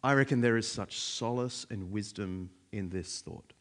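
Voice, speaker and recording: A man's voice: lowish voice, normal speed. A man preaching a sermon in a conversational way, with frequent fillers.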